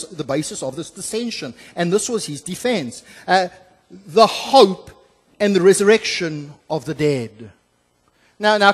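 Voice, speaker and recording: The church's long reverb surrounds this high-pitched pastor as he expounds on scripture. He keeps stopping on "uh" and starting sentences over, and his voice rises to emphatic, louder points before dropping to hushed, low remarks.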